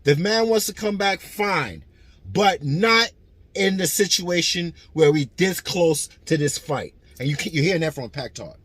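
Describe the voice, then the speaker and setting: A man with a husky, slightly high voice giving frank commentary on a clip. He sounds dry and close, talking matter-of-factly. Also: lively intonation, a little slow, fairly bright tone, dry recording. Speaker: channel host.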